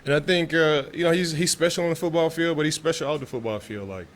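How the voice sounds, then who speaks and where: A man's voice: a little high, quick pace. A man from Texas, a pro football player answering press questions in a loose, laid-back way with many restarts.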